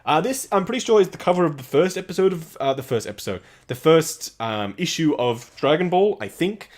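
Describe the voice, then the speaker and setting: A man's voice: a little high, animated, brisk, a little mellow. A man co-hosting a casual livestream, chatting with enthusiasm and reading out viewer comments. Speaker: livestream co-host.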